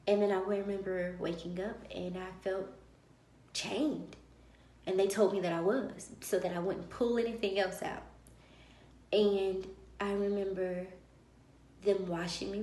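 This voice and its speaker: A woman vlogger telling a personal story in a lively way and acting out the dialogue of others. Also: mid-range voice. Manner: animated, acts out dialogue. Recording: roomy echo.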